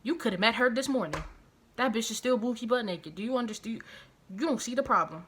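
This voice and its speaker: A woman vlogger telling a personal story, animated and profane, hammering her points home through repetition and outraged disbelief. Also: fairly high pitch, fast, a little hiss or hum. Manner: animated, profane, emphatic retelling with heavy repetition; outraged, incredulous. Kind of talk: storytime vlog.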